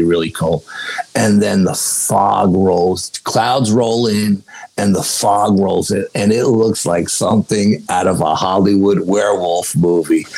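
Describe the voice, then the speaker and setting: A man telling a story in casual talk, animated and swearing freely, acting out the dialogue. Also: fairly low pitch, breathy edge, poor audio. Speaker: guest, paranormal investigator.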